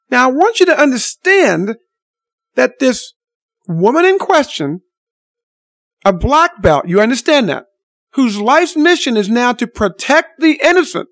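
A man's voice: very high-pitched, big pitch swings, unhurried, fairly bright tone, no echo. A man telling a story to his viewers in an unscripted monologue, blunt and indignant, with mild swearing. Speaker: vlogger addressing viewers.

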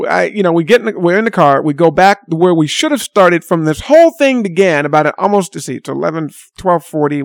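Older male storyteller, exasperated and sardonic, high gravelly voice. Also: no room sound, studio quality. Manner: rambling, exasperated, sardonic asides. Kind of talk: rambling personal anecdote.

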